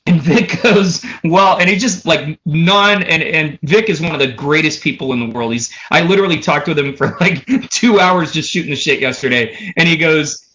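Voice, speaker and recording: Male drummer, animated profane storyteller, bright edgy voice, slightly muffled lo-fi recording. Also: a little high, moderate pace, hardly any pauses. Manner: animated, profane, runs stories with "he goes" and "so anyway". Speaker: drummer and podcast guest. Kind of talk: casual storytelling.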